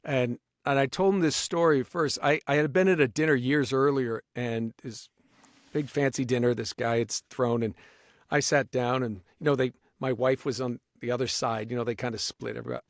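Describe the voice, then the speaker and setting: A man, a guest voice actor, telling lively anecdotes in casual conversation with frequent restarts. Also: medium pitch, brisk, no room sound, studio quality. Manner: animated storyteller with many restarts.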